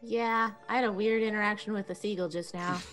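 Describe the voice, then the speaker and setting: A woman's voice: mid-range voice, fairly even intonation, a little fast, a bit bright, faint music behind. Playful woman role-playing a tabletop game. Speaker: player. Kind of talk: in-character tabletop role-play.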